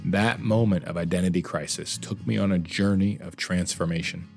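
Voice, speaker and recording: Middle-aged man, low gravelly voice, earnest confessional narration, faint music underneath. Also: steady tone, moderate pace. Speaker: narrator of his own story. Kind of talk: emotional personal narration.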